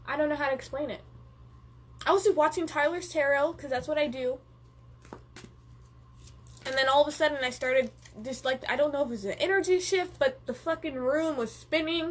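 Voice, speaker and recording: Animated, foul-mouthed young woman. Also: high-pitched, a little fast, long pauses, a little hiss or hum. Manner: animated, profane, reads viewer comments aloud. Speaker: live stream host. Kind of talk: casual live-stream chat.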